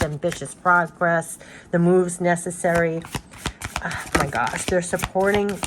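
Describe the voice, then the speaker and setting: A woman with a somewhat low voice gives a spiritual card reading. Her delivery is loose and rambling, full of restarts. She comes back again and again to the same reassuring lines and stresses them each time. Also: noisy background. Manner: repetitive, emphatic and reassuring. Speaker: tarot card reader.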